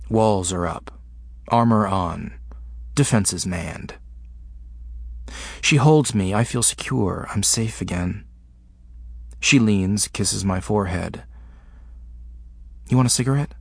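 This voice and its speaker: A man narrating a first-person story in short, halting, intimate fragments. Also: deep voice, creaky, breathy edge, no room sound.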